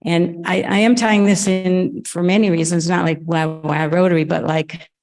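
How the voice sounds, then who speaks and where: A woman's voice: fairly low pitch, little pitch movement, moderate pace, darkish tone, low-quality recording. A woman speaking earnestly and effusively at a club event, interviewing a guest, often restarting her sentences. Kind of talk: emotional conversational talk at an event.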